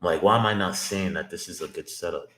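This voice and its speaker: A man's voice: low-pitched, brisk, bright, forceful tone. A man streaming his day trading, talking to himself, swearing and second-guessing every move. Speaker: day trader streaming live. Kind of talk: live trading stream, thinking aloud. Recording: roomy echo, faint background noise.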